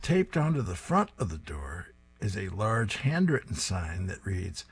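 A gravelly, slightly rough male voice, low-pitched and sing-song, unfolds at a measured pace. The speaker hosts a reading-service show, reading comic strips aloud and laughing at the punchlines.

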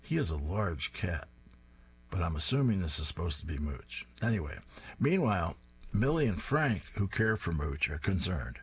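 Deep husky man reading comics aloud. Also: big pitch swings, moderate pace. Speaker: comics reader.

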